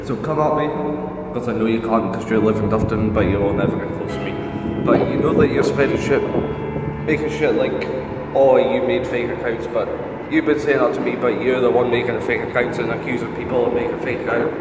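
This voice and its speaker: A man's voice: medium pitch, steady tone, brisk. A man ranting an angry, heavily profane diss track outdoors. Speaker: amateur diss-track rapper. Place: outdoors in the wind. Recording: distant, echoey outdoor recording with wind noise.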